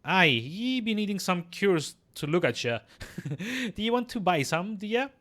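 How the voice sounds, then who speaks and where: Man doing a sly cackling old midwife woman, raised pitch, old-timey dialect, gruff and teasing, game dialogue read aloud. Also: big pitch swings, moderate pace, a bit bright.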